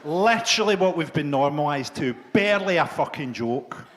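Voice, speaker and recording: A middle-aged man doing a dark, sardonic stand-up set, swearing freely. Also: fairly high pitch, animated, moderate pace, a little hiss or hum. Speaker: stand-up comedian.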